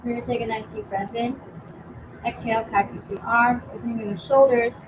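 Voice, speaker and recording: A young woman teaching a yoga class outdoors, giving calm, encouraging cues with casual fillers, a bit out of breath. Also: a little high, a little fast, noisy background. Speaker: yoga instructor. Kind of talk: guided yoga class instruction.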